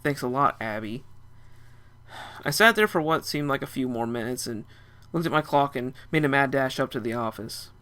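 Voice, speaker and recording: A man's voice: medium pitch, lively intonation, moderate pace, bright, forceful tone. A young man narrating a first-person story in a casual, chatty way.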